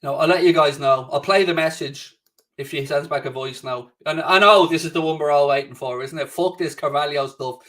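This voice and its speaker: A man's voice: fairly high pitch, a little fast, fairly bright tone, recorded from a distance. Chatty man hosting a live stream. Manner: chatty, swears casually, reads viewer comments. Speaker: livestream host. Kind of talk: casual live-stream chat. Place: home studio.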